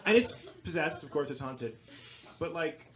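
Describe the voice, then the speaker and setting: A young man doing a stand-up comedy set on a club stage, telling stories deadpan and bursting into loud acted-out quotes. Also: a little high, normal speed. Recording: live club recording, audible crowd noise.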